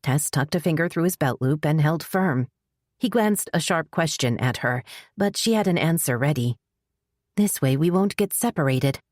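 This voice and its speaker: A woman narrating a cozy mystery audiobook in a measured storytelling manner. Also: low voice, expressive, a little mellow, no echo, studio quality. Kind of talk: scripted narration.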